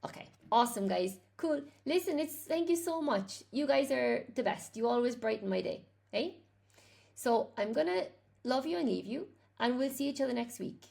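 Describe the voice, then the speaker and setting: An Irish woman, an English teacher, chats through a live stream and answers her viewers one by one. Her voice sits a little high and carries a gravelly, creaky texture. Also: animated, moderate pace, a little mellow. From Ireland. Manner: chatty, reads and answers viewer comments.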